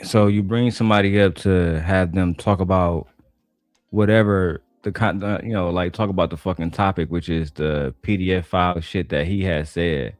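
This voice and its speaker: A man's voice: low voice, fairly even intonation, normal speed, dry recording, clean studio sound, soft background music. A man from Detroit giving blunt, mocking, heavily profane reaction commentary on a panel clip. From Detroit, USA.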